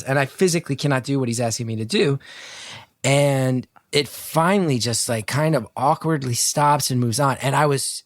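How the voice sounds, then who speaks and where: A man from North Jersey tells a story in an animated, self-deprecating way, with plenty of profanity. His voice sits at an everyday male pitch. The video-call sound is close and dry, with no room around it. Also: fairly quick, dry recording. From North Jersey, United States. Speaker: guest storyteller. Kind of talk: casual anecdote told on a video call.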